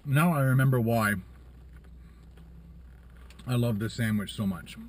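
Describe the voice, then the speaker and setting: A man's voice: mid-range voice, measured pace. Middle-aged man, food vlogger in a car, casual, talks through mouthfuls. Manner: eating while talking, mouth full. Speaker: food reviewer. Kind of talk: casual food review vlog.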